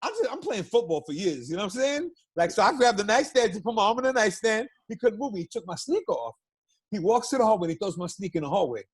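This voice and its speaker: A middle-aged man from Brooklyn, a guest telling stories in a casual interview, animated and profane, acting out what people said. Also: high-pitched, fast, husky. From Brooklyn, New York. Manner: animated, profane storyteller who acts out quotes.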